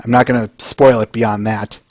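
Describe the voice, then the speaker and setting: A man's voice: medium pitch, flat delivery, normal speed, no room sound. A man hosting a comic reading who talks casually to his viewers and often laughs. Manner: chuckles often, chatty asides to viewers. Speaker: host reading comics aloud. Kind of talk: casual chat.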